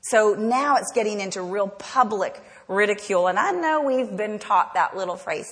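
A woman's voice: medium pitch, animated, normal speed, hardly any pauses, a bit bright. Woman preacher, mid-range voice, earnest rhetorical sermon, long hall echo. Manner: earnest, rhetorical questions to the congregation.

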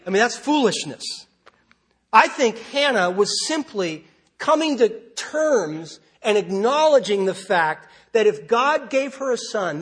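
A man's voice: high-pitched, a bit bright, breathy edge. A man preaching a sermon in a conversational way, asking his listeners rhetorical questions. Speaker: pastor.

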